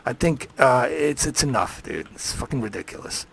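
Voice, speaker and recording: A man's voice: medium pitch, big pitch swings, moderate pace, vocal fry, slight background noise. A man ranting on a live stream, heated and profane, swearing freely.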